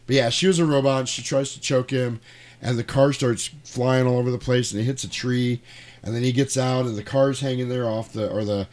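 Animated man retelling a film. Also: mid-range voice, a little fast. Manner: animated retelling with sound effects and acted quotes. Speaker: podcast host. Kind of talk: casual movie recap chat. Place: home studio.

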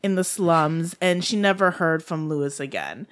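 A woman's voice: low voice, lively intonation, moderate pace. A woman co-hosting a casual podcast, chatty and giggly as she tells a true-crime story. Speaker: podcast co-host.

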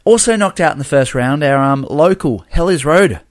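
A man co-hosting a casual podcast, playful and quick with jokey asides. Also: fairly high pitch, animated, dry recording, studio quality. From Tasmania, Australia. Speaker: podcast co-host.

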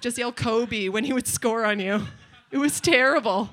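A woman with a high, bright voice, telling a comic story on stage at a live storytelling night. She rambles and mocks herself, and she turns aside to chat with the crowd. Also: normal speed. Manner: rambling, self-mocking, with chatty asides to the crowd.

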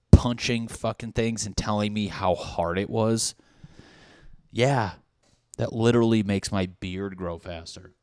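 Young male podcast host, fairly low voice, dry close mic, rambling and foul-mouthed. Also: dry recording. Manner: profane, rambling, excitable. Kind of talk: casual rambling monologue.

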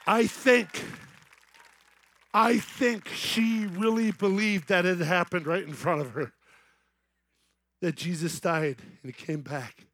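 A middle-aged man giving an evangelistic sermon on a festival main stage, telling a story that builds to excited shouting. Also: sits high, takes it slowly, long pauses. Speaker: festival speaker.

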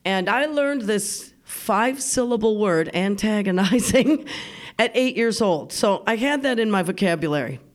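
A woman's voice: mid-range voice, expressive, unhurried. A woman telling a funny personal story live on the radio, chatty and laughing often, acting out remembered voices in her own. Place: radio studio.

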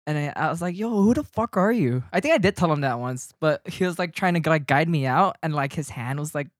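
Animated swearing man telling a story. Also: fairly high pitch, quick pace, no echo, studio quality. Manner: animated, swearing, laughs often, gets loud when worked up. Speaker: podcast co-host telling a story. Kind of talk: casual chat.

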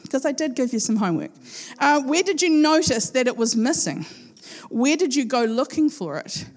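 A woman's voice: high-pitched, expressive, normal speed. A woman giving a chatty, playful sermon to a live congregation, laughing often. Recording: long hall reverb.

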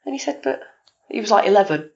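A woman's voice: medium pitch, animated, fast, creaky, a little mellow, dull audio. A woman guest on a casual podcast, telling rambling family stories with many ums. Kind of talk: casual interview chat.

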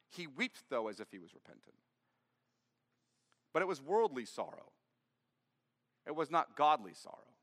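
A man's voice: a little high, pushed and bright, big-room sound. A man preaching a sermon, reading scripture aloud and then explaining it in plain words. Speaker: pastor. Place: church.

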